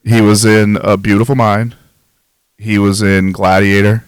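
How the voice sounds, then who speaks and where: A man's voice: lowish voice, flat delivery, unhurried, smooth, no echo, clean studio sound. A man hosting a comedy podcast, crude and playful in casual banter. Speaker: podcast host.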